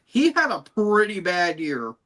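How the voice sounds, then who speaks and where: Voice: medium pitch, big pitch swings, unhurried, a bit bright. Blunt co-host, swears a lot, voice jumps up and down. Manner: blunt, swears, laughs often. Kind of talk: casual chat.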